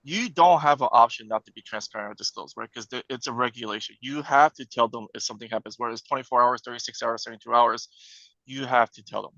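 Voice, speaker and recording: A man speaking as a panel guest, briskly and emphatically, often tagging his points with "right?". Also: mid-range voice, a bit bright, no echo, lo-fi sound. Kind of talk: conversational panel discussion.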